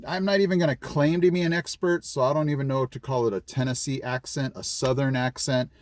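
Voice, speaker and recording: A man's voice: medium pitch, steady tone, fast. A middle-aged man from California chatting casually in a vlog, rambling with lots of fillers and restarts. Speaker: vlogger.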